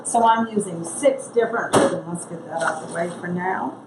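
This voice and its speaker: Woman, gravelly, casual craft demo, roomy echo, background noise. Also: lowish voice, a little fast. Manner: chatty, thinks aloud while working. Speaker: craft tutorial host. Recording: echoey room with noise.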